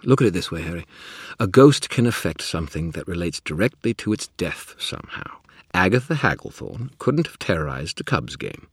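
A man's voice: sits low, sing-song, moderate pace, slightly rough, no echo, studio quality, full character voice. A man reading an audiobook and voicing a chatty, know-it-all male spirit who rambles and wisecracks. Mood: lecturing. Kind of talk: audiobook character voice.

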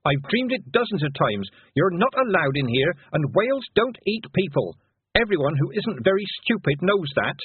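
A prim, stubborn young girl who explains things with firm certainty, as a man puts her on. The voice sits raised above his own and keeps a husky edge, with lively ups and downs. It comes through thin and phone-like. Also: sits high, moderate pace, no room sound, voice pushed up, exaggerated voice. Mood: indignant. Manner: prim, insistent, lecturing.

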